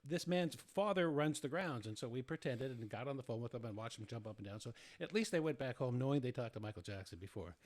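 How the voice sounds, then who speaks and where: A man hosting a talk show, chatting casually with a guest and telling lively personal anecdotes. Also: mid-range voice, fast, hardly any pauses. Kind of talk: casual interview chat.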